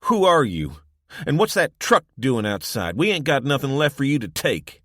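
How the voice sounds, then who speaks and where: A male narrator voicing a blunt, suspicious young man in an audiobook, talking rough. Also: mid-range voice, lively intonation, unhurried, a bit bright, no echo, studio quality, voice pushed up. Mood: hostile. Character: brash suspicious young man, armed son.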